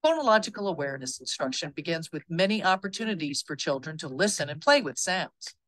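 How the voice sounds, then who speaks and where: A woman giving scripted, calm narration for an educational video. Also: deep voice, quick pace, no room sound.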